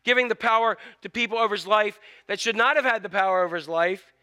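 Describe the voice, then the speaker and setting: Male pastor, high clear voice, animated sermon storytelling. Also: fast. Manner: animated storytelling, acts out scenes.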